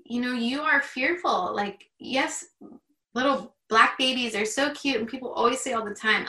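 Earnest, bright-voiced woman in an echoey room. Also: high-pitched, normal speed, distant mic. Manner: earnest, heartfelt, chatty with many "like" fillers. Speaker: guest. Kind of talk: candid conversation.

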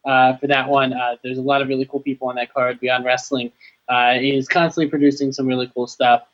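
A man's voice: medium pitch, flat delivery, brisk. Man, podcast co-host, rambling casual chat, dull lo-fi recording. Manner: rambling, lots of uh and restarts. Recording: dull lo-fi audio.

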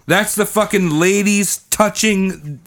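A man's voice: high voice, takes it slowly, vocal fry, a bit bright, no echo, studio quality. A man co-hosting a comedy podcast, drunk and sleepy, joking crudely in a goofy sing-song way. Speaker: podcast co-host. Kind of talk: casual drunk banter.

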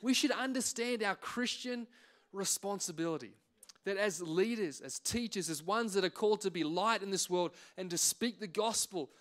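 High-voiced pastor telling a story. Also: male voice, normal speed. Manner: animated storytelling, acts out shouts and quotes. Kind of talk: sermon with personal story.

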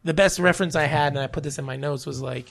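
A man's voice: a little high, quick pace, vocal fry, a bit bright. A young man from California co-hosting a casual podcast, telling stories animatedly, acting out quotes and laughing often. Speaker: podcast co-host. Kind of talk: casual chat.

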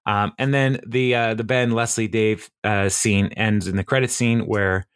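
A man's voice: on the low side, steady tone, normal speed, clean tone, no room sound, studio quality. A man hosting a podcast, casually recapping a TV episode in a rambling way, stopping often to act out lines and laugh. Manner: rambling, lots of fillers and laughs, acts out quotes. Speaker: podcast host.

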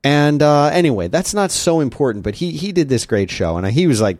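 Podcast host guy rambling on, pitch bouncing all over, dry close mic. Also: fairly quick, no echo. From lives in Central Texas. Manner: rambling and lively, with many restarts. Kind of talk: casual chat.

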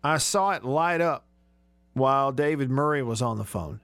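A man's voice: mid-range voice, lively intonation, moderate pace, a bit bright, no room sound, soft background music. A man, hosting a radio talk show and telling stories in a chatty, self-mocking way from a studio. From Alabama. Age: 30s. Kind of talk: casual radio talk and storytelling.

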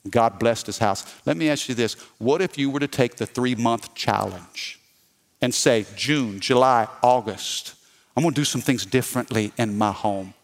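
A man, lively and calling for amens. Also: mid-range voice, normal speed. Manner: lively preaching with call-and-response. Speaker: pastor. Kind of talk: sermon.

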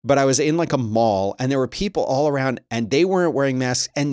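A man's voice: medium pitch, fairly quick, few pauses, darkish tone, slight background noise. A middle-aged man hosting a show, chatting casually about the news and breaking into exasperated rants as he reads articles aloud. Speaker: podcast host.

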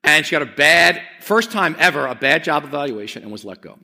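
A man's voice: fairly high pitch, expressive, brisk, vocal fry, sharp tone. A man preaching a conversational sermon as pastor, earnest and often repeating words as he presses a point.

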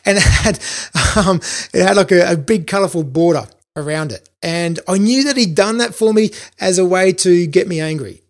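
A man telling a personal anecdote in an animated way, acting out the lines he remembers. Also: sits high, normal speed. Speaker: storyteller recalling school work.

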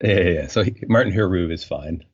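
A man's voice: deep voice, brisk, breathy edge, dull audio. A man from French Canada, a scientist guest on a podcast, talking in a thoughtful, rambling way with many fillers. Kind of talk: conversational interview.

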